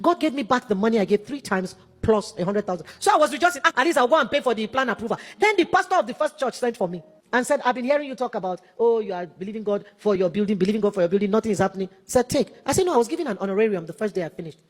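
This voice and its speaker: Nigerian woman preacher in her 50s, very fast delivery, acts out each voice in her story, sermon testimony. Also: medium pitch. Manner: animated storytelling, acts out dialogue.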